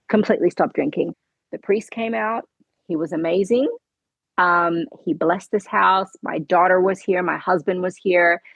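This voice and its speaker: A woman's voice: mid-range voice, husky, dry recording, poor audio. A middle-aged woman, a podcast guest telling her story earnestly in conversation and acting out the dialogue. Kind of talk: conversational interview.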